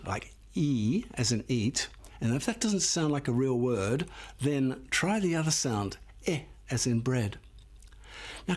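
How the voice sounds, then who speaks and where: A man's voice: mid-range voice, slightly rough. An older man teaching a phonics lesson, patiently sounding out words one at a time and encouraging the learners. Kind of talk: slow classroom phonics lesson.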